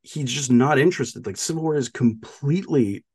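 A man's voice: mid-range voice, moderate pace, darkish tone, husky, no echo, studio quality. A man co-hosting a podcast, casually and animatedly retelling a film's plot with lots of "like" and "uh". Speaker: podcast co-host. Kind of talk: casual film discussion.

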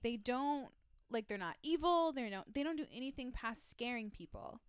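A young woman hosting a casual chat show, chatty and animated, swearing freely as she retells a folk tale. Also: a little high, moderate pace, smooth, no echo. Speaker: podcast host, storyteller.

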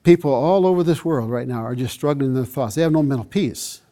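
A man's voice: medium pitch, brisk, mellow. An older man, a pastor, giving an earnest, emphatic teaching talk to a church audience, with frequent asides to his listeners.

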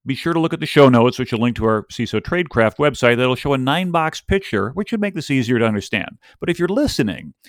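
A man hosts a podcast in a voice of middling pitch, reading his script in an upbeat, clearly enunciated way. The sound is dry and close, with no room echo. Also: animated, fast, few pauses. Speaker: podcast host.

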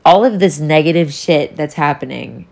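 A young woman with a low voice talks straight to camera in a casual solo vlog. She rambles candidly, circling back on her thoughts and swearing freely. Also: moderate pace, vocal fry, a little mellow. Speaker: vlogger.

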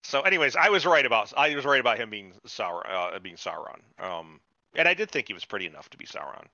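Animated, swearing man recapping with gusto. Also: medium pitch, fast, no room sound, lo-fi sound. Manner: animated, swears a lot, acts out characters mid-story. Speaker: podcast co-host. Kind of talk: casual profane recap chat.

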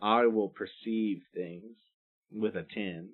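A man's voice: fairly low pitch, fairly even intonation, slow, slightly rough. A man playing a tabletop game, easygoing and playful. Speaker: player. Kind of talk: casual tabletop play. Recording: phone-like online call audio.

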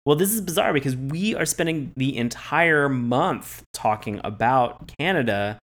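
A man's voice: mid-range voice, expressive, measured pace, fairly bright tone. Playful, effusive male podcast co-host. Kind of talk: casual podcast chat.

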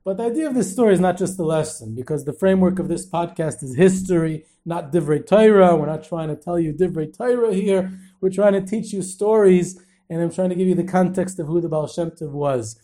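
A man hosting a history podcast, telling stories in a lively way and sprinkling in Yiddish and Hebrew terms. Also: high-pitched, fairly quick. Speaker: podcast host and tour guide.

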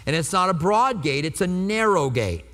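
A man's voice: high-pitched, very animated, moderate pace, fairly bright tone, long reverb tail. A pastor in his fifties preaching a sermon in a conversational way, asking the congregation rhetorical questions.

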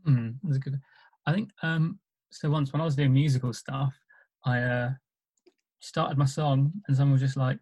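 This man is a stand-up comedian who talks about his shows in a relaxed, self-deprecating way, laughing softly through his anecdotes and staying modest throughout. His medium-pitched voice is steady in tone, fairly quick, and has a breathy edge.

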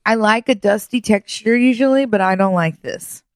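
A woman's voice: medium pitch, normal speed, no room sound, studio quality. Playful woman reading snack labels. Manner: playful, reads product blurbs aloud. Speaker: co-host. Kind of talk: casual chat.

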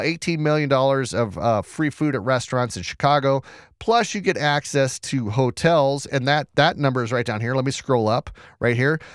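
A man's voice: medium pitch, clear, resonant tone, dry recording, studio quality. Sarcastic man riffing on the news. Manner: chatty, sarcastic, stumbling restarts, reads screen aloud. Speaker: commentary show host. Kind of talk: casual news commentary.

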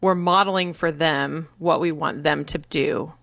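A woman co-hosting a parenting podcast talks in a lowish voice. She chats casually and slips into higher, playful voices when she quotes her children. The recording is dry and close to the mic. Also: a little slow, gravelly, no room sound. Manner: animated, acts out quotes in higher voice. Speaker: podcast co-host.

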